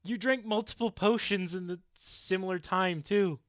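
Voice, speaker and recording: A man's voice: sits high, normal speed, fairly bright tone, no room sound, clean studio sound. A man running a tabletop role-playing game as game master, explaining the rules patiently.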